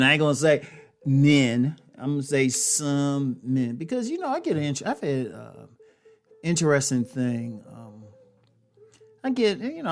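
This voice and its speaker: Chatty man giving relationship advice. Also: medium pitch. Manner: conversational, storytelling, frequent fillers and laughs. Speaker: host. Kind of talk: casual advice monologue.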